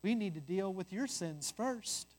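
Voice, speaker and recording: A calm, patient firstborn son sent to bring his brothers home, voiced by a storyteller. He speaks steadily, close to the narrator's own voice. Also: mid-range voice, a little slow.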